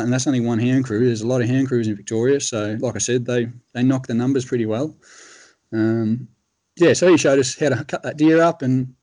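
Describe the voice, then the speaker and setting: Australian man, casual rambling storyteller, dry close sound, mid pitch. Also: mellow, no room sound. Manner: laid-back, rambling, frequent fillers. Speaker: guest telling a hunting story.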